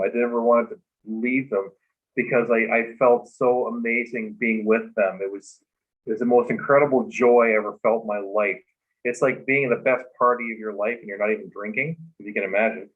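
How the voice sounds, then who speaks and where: Male guest on a video call, mid-range voice, earnest and halting, muffled lo-fi sound. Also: medium pitch. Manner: halting and earnest, with many restarts. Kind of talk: personal storytelling on a livestream talk show. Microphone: remote video call. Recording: muffled livestream audio.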